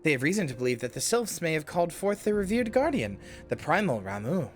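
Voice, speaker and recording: A woman's voice: sits low, big pitch swings, a little fast, voice pushed up. A woman reading game lines as an earnest young woman leader, in a slightly British, formal voice.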